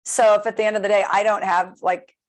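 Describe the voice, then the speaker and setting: A woman's voice: medium pitch, little pitch movement, fast talker. A middle-aged woman radio host with a mid-range voice. She rambles in a friendly, casual way, trailing off and restarting as she goes. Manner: chatty, rambling.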